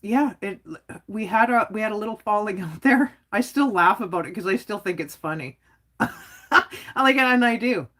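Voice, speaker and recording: A woman holding forth on her own livestream in a mid-pitched voice. She talks bluntly and rambles, filling her speech with "like." She chuckles now and then as she goes. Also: animated, normal speed, a bit bright. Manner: outspoken, rambling, frequent "like". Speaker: livestream host. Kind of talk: casual livestream rant.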